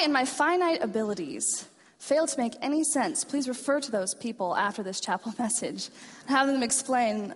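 A woman giving a chapel message to students, earnest and self-deprecating, retelling stories in a hall. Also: fairly high pitch. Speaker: chapel speaker. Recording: reverberant hall.

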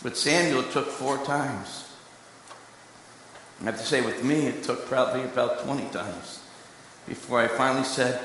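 Man, sermon, bright forceful voice, hushed to emphatic, big echoey hall, faint noise. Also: mid-range voice, moderate pace, pauses often. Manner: storytelling, shifting between hushed and emphatic. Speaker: preacher and candidate recruiter. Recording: echoey hall with long reverb.

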